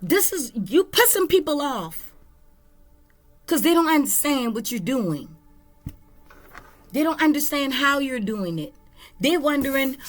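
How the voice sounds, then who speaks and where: High-voiced woman giving a tarot reading. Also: big pitch swings, soft background music. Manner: slow, emphatic, earnest. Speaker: tarot reader.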